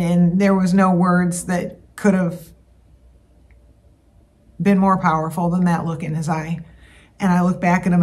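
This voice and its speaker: Earnest woman telling a story, lowish voice. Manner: earnest, emotional retelling with many fillers. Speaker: wildlife vlogger. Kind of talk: casual storytelling to camera.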